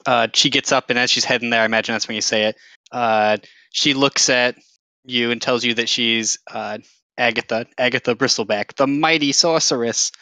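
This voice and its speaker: A man's voice: mid-range voice, normal speed, sharp tone, no room sound, poor audio. A young man narrating as game master over voice chat, casual and hesitant with many fillers. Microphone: voice chat microphone.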